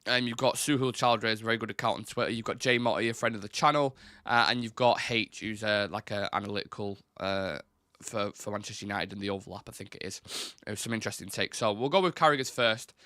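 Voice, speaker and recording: A man's voice: lowish voice, fast, sharp tone, dry recording. A man hosting a casual live football fan stream, chatty, swearing casually and answering viewer comments. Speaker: football fan channel host.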